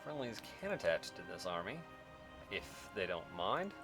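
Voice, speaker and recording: A man plays a strategy game for a let's-play, offering casual commentary as he mutters wryly to himself and occasionally bursts out in exasperation. Game music plays behind his low-pitched, sing-song voice, which moves at a measured pace.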